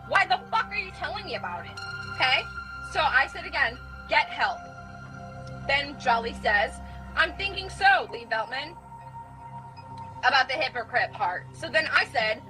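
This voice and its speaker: Woman streamer, angry and profane, high pitch, bright tone. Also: poor audio. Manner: heated, profane, recounts chat arguments. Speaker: streamer in a restreamed clip. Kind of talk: angry rant to viewers.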